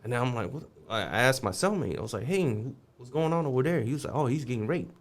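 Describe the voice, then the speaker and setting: A man's voice: mid-range voice, expressive, quick pace. A man guest on a podcast, telling a street story casually, swearing freely and acting out the voices of the people in it.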